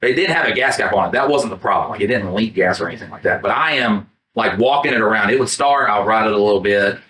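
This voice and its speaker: A man's voice: lowish voice, quick pace. A man co-hosting a podcast, telling a story in casual chat with lots of swearing and acting out his own quotes. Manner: animated, profane, acts out his own quotes. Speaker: podcast co-host. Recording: roomy sound from a distant mic, not the podcast mics.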